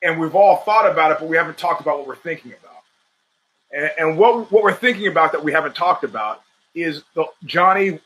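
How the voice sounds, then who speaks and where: A man's voice: a little high, pushed and bright, rough recording. A man hosting his own show, talking through fight predictions in a rambling, opinionated, profane monologue. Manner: rambling, opinionated, restarts mid-sentence; profane, streetwise talk. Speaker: podcast host. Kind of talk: casual sports commentary monologue.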